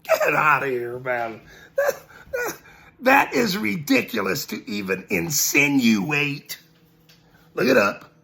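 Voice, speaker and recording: A man's voice: on the high side, wildly swooping pitch, slow, creaky, bright, forceful tone. A man ranting to camera, mocking and laughing between his lines and repeating his points emphatically. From Ireland. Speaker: citizen journalist.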